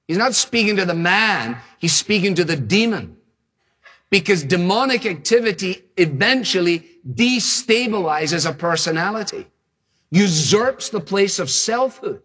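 A man's voice: high voice, lively intonation, a little slow, sharp tone, breathy edge, long reverb tail. A man preaching a sermon, driving his points home with emphatic, repeated phrases. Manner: emphatic, repetitive, building phrases.

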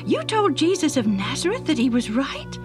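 A woman reading a story aloud, voicing a curious, attentive young woman who asks soft questions. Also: high voice, huge pitch swings, normal speed, pitched above the performer's own voice. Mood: eager. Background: music.

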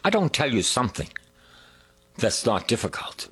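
A man's voice: mid-range voice, big pitch swings, normal speed, a bit bright, breathy edge. A man preaching a sermon who sings hymn lines, swells on key words and drops to whispers.

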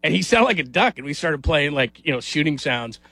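A middle-aged man hosts sports talk radio from a studio, rambling and poking fun at himself with frequent laughs. His voice sits fairly high for a man and has a gravelly edge. The sound is dry and close. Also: sing-song, a little fast, sharp tone, no room sound. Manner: rambling, self-deprecating, laughs often.

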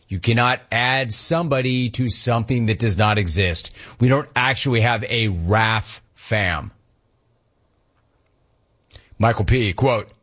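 A middle-aged man hosts a loose talk show and riffs wryly on listener messages. His voice is husky, sits at an ordinary male pitch, and comes through a dull, lo-fi recording. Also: a bit bright. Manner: wry, playful, jumps between impressions and asides. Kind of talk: casual talk show banter. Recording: dull lo-fi sound.

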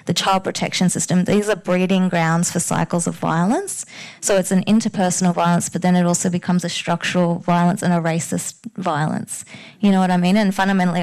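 A woman's voice: mid-range voice, darkish tone. A woman on a discussion panel, speaking earnestly and thinking aloud, with frequent restarts. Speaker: panel guest.

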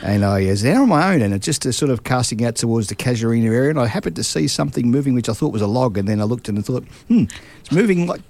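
A man's voice: mid-range voice, lively intonation, very fast, hardly any pauses, darkish tone, dry recording. A middle-aged Australian man chatting on radio as a footy correspondent, friendly and rambling, often chuckling. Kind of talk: casual radio chat. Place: radio studio. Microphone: studio microphone.

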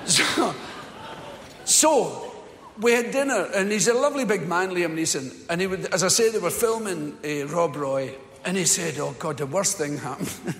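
A man's voice: sits high, big pitch swings, unhurried, fairly bright tone, slight background noise. A Scottish man telling a rambling, sweary story in live stand-up, recorded in an echoey hall. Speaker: stand-up comedian.

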